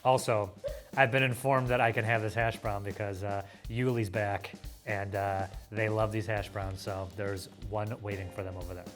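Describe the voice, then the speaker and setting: Excited man hosting a food show. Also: lowish voice, normal speed, over music. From United States. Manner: enthusiastic, jokey, playful. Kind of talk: casual food review chat.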